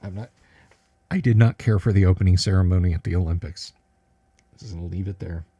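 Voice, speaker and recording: A man's voice: sits low, a little fast, mellow, breathy edge, lo-fi sound. A man hosting a casual livestream at his computer, talking in a rambling, joking way with many fillers and restarts. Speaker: livestream host.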